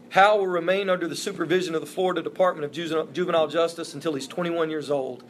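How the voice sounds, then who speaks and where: A man's voice: on the high side, steady tone, racing, few pauses, slight background noise. A man preaching a sermon as a pastor, earnest and emphatic, with repeated phrases for stress. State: emotional, voice breaking.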